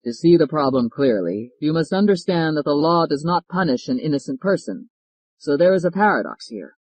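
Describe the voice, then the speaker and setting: A man voicing a feverish, hoarse defense lawyer who speaks low and strained, in an audiobook read in a dry studio. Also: very animated, fairly quick, no echo, rough recording. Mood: earnest.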